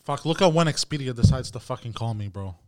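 A man's voice: medium pitch, lively intonation, quick pace, dry recording. A man hosting a podcast in casual chat, giving short, blunt, profane reactions in a studio. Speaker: podcast host.

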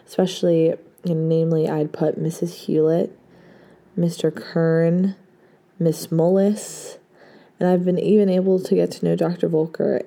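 Hoarse young woman with a gravelly voice. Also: sits low, warm tone. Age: late teens. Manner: earnest and effusive, full of thanks. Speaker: podcast host. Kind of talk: casual heartfelt farewell talk.

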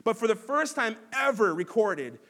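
A man with a notably high voice preaches a sermon as pastor. His delivery is earnest, dropping to hushed reflection and then rising into emphatic, raised passages. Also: sing-song, normal speed.

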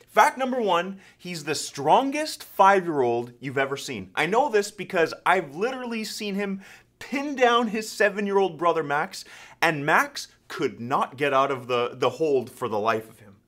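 A man in his thirties, a pastor, giving an animated sermon-style talk, telling stories and restarting his sentences now and then. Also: fairly high pitch, moderate pace. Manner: animated, storytelling, self-correcting.

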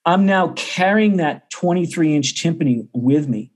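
A man's voice: fairly high pitch, measured pace. A middle-aged man, a percussion teacher, telling a story casually and acting out the other people's voices. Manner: animated, acts out others' voices.

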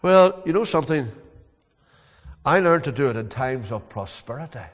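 A preacher speaking as Moses, forceful. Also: male voice, mid-range voice, animated, moderate pace, natural voice. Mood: insistent. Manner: forceful and insistent. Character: Moses, aged leader giving a warning. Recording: long echo in a large hall.

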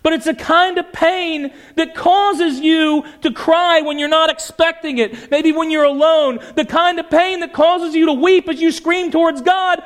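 A male preacher with a very high voice for a man, delivering a passionate sermon. He presses his points with emphatic phrasing and keeps asking his listeners questions. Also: steady tone, unhurried, few pauses.

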